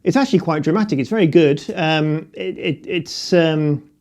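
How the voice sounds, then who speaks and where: A man's voice: a little high, moderate pace, darkish tone. A middle-aged man giving a casual, unscripted film review, talking hesitantly with many fillers and restarts.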